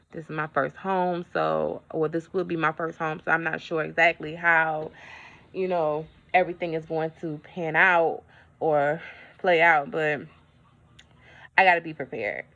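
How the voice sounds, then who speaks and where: A woman's voice: low voice, creaky, bright, forceful tone, dull audio. A woman vlogger in a casual update, telling a story in a chatty way and talking straight to her viewers.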